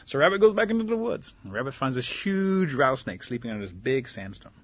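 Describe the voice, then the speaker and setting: A man telling a folktale aloud as a radio host and storyteller, animated and chuckling at his own tale. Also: medium pitch, a little fast, breathy edge. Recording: dull lo-fi radio recording.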